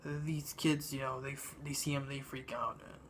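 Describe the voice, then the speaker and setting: A man giving a casual spoken movie review, halting and meandering, with lots of ums and uhs. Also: mid-range voice, level tone, a bit bright, a little hiss or hum. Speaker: film reviewer.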